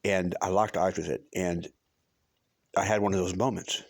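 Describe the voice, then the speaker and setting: A man's voice: sits low, steady tone, moderate pace, vocal fry, dry recording. A middle-aged man telling a personal story in a casual, rambling way, restarting often and swearing for emphasis. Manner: rambling, with many restarts and fillers.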